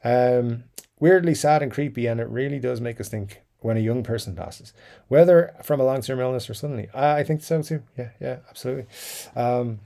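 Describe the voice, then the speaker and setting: Gravelly-voiced man chatting on a livestream. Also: medium pitch, a little fast, warm tone. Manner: rambling, many fillers and chuckles. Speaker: livestream host reading chat. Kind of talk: casual live-stream chat.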